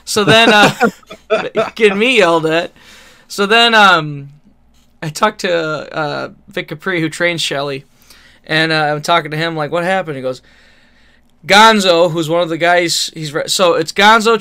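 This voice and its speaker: A man's voice: a little high, moderate pace, sharp tone, clear, resonant tone. A man co-hosting a podcast, telling a rambling story in casual chat, laughing often and swearing freely. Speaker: podcast co-host.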